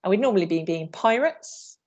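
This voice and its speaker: A woman's voice: mid-range voice, expressive, a little fast, a little mellow. A woman from England presenting an online training session for teachers, upbeat, showing moves as she talks. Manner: upbeat, demonstrates moves while talking. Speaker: PE trainer leading a teacher workshop. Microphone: video call.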